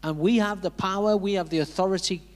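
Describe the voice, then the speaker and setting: A man's voice: high voice, fairly even intonation, fast talker. A man preaching a sermon, telling a personal story, acting out the voices he quotes and chuckling along.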